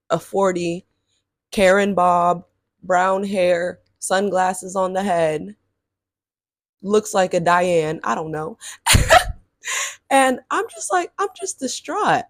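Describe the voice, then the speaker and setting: A woman's voice: no room sound, clean studio sound. A young woman from Southern California telling a childhood story to her viewers in casual chat, full of "like" and "y'all", her voice jumping up on quoted reactions. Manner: animated, chatty, lots of "like" and "y'all", pitch leaps on quoted reactions. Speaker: storytime vlogger.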